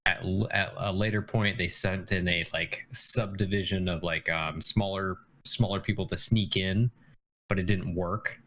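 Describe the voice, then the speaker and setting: A tabletop game player explaining his story in a halting way, full of pauses and fillers. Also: deep voice, steady tone, a bit bright. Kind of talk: casual chat at a game table.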